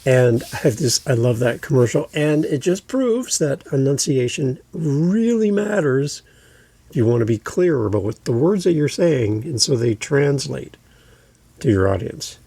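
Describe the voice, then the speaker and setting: A man hosting a podcast, giving deliberate instructional advice into a close microphone and repeating his key points. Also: medium pitch, sing-song, creaky, dark tone, slightly rough, dry recording. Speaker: podcast host and coach.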